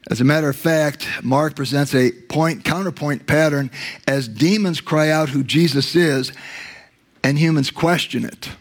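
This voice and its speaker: A man preaching a sermon, telling scripture stories and dropping his voice for the quoted lines. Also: breathy edge. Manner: storytelling, acts out quotes in a lowered voice; slows down to stress key words. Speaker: pastor.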